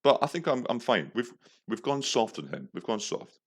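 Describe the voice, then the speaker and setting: A man's voice: mid-range voice, very animated, moderate pace, slightly rough. A young man hosting a podcast, telling a story in a crude, profane, comic rant. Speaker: podcast host. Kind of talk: casual storytelling monologue.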